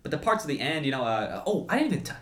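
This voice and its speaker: A man's voice: fairly high pitch, sing-song, rapid-fire, a bit bright, echoey room. A young man co-hosting a casual food review, rambling with lots of fillers and restarts. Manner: rambling, many fillers and restarts, laughs at himself.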